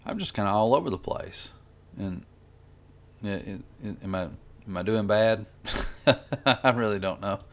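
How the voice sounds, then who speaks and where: A man's voice: fairly low pitch, moderate pace. A man who makes comics, talking casually and rambling while he colors, with lots of "you know" and restarts. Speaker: comic artist vlogger.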